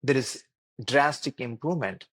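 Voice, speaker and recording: A doctor, speaking earnestly as a podcast guest and explaining with repeated phrases and lists. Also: male voice, medium pitch, lively intonation, normal speed, a bit bright, no echo. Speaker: doctor and wellness program creator.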